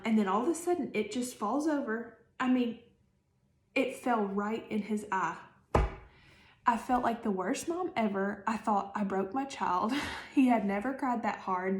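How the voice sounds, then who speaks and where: Woman podcast host, thirties, chatty and filler-heavy, mid-pitched, echoey room. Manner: chatty, frequent fillers and "okay?" tags. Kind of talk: casual advice monologue.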